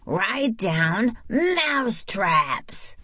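A woman's voice: mid-range voice, big pitch swings, extremely slow, bright, forceful tone, slightly rough, dry recording, voice pushed up, heavily acted. A woman reader voicing a bossy, strict sister who speaks in clipped, commanding orders. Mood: stern.

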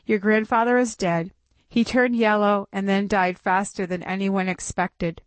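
A woman voicing an elderly immigrant father who speaks glumly and quietly. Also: medium pitch, fairly even intonation, unhurried, no echo, natural voice. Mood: flat. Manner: glum, subdued. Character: grieving elderly Greek immigrant father, glum.

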